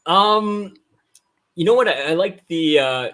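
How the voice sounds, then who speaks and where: A man's voice: sits high, expressive, slow, fairly bright tone. A man guesting on a casual podcast, speaking modestly and reflectively. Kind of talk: casual chat.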